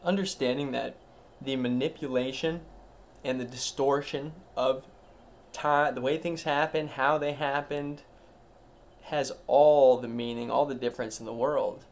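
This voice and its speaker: A man's voice: mid-range voice, fairly even intonation, a little slow. A man hosting a solo podcast, rambling in a meandering, self-interrupting, mock-grand way. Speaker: podcast host.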